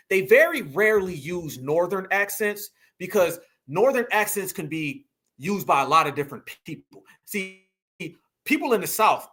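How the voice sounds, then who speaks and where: A man hosts a live reaction stream in a high, bright voice. He talks emphatically in loose slang, pressing the clips he plays with pointed rhetorical questions. He speaks directly to his chat. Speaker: host.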